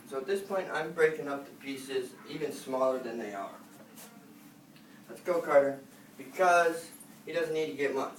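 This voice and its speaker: A man working as a dog trainer, explaining the training casually while he works, relaxed and rambling with many fillers. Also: mid-range voice, normal speed. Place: indoor dog facility. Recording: roomy, distant camera sound, noisy.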